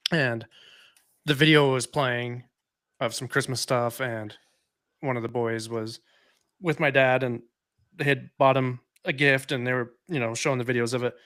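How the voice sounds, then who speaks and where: A man speaks in an even, middle-pitched voice, stopping and restarting as he gathers his thoughts. His voice is recorded close and dry, with no room sound around it. The talk is candid and unhurried. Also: no room sound. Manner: halting, reflective, many restarts. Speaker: podcast co-host. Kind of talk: candid conversation.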